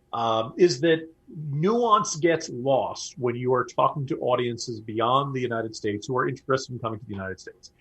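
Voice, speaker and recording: Man, co-host, slightly high voice, emphatic, casual political commentary, punchy quips. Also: a bit bright, breathy edge. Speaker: podcast co-host.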